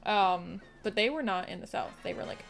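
Here a female gamer offers laid-back, swear-heavy remarks as she plays, reacting with plenty of animation. Her pitch is medium, her pace moderate, and soft music can be heard underneath.

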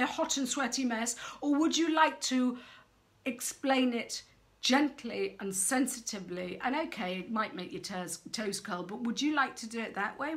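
A middle-aged woman giving frank, animated parenting advice straight to camera, acting out quoted voices as she goes. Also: sits high. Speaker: parenting coach. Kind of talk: direct-to-camera advice talk.

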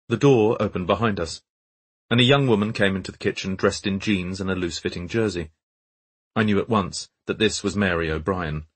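A man narrating a mystery audiobook in first person, measured and observant. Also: sits low, husky. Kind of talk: scripted narration.

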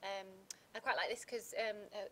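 A woman teacher, talking through a poem in a casual revision chat, pausing often with ums and restarting her sentences. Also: medium pitch, fairly even intonation, sharp tone, a little hiss or hum. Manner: hesitant, many fillers and restarts.

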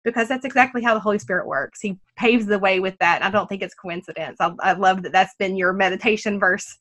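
A woman's voice: mid-range voice, fast talker, a bit bright. A woman hosting a faith podcast, talking in an earnest, encouraging way and laughing now and then. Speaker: podcast host. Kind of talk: faith-based podcast conversation.

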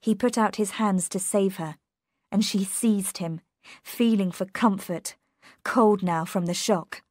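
A woman narrates a story for English learners, taking her time and reading in a measured, careful way. The recording is close and dry, with no room sound. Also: mid-range voice, fairly even intonation, a little mellow, dry recording.

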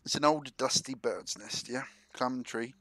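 Bright-voiced man running a tabletop game. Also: mid-range voice. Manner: relaxed, answers with quick mm-hmms. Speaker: game master.

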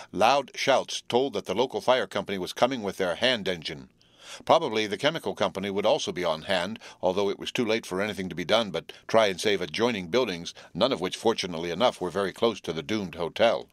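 A man reads an audiobook in a low, steady voice. His delivery is clear and even. The sound is dry and close. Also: no room sound. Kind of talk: audiobook narration.

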